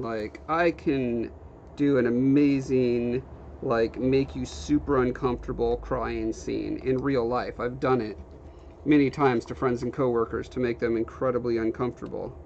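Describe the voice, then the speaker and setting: A relaxed young man chats on a workshop stream. He rambles easily and reads out viewer comments as he goes. The audio sounds a little dull, with a faint hum of noise behind him. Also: medium pitch, unhurried, creaky. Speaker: livestreamer. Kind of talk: casual chat while working, reading chat. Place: home workshop.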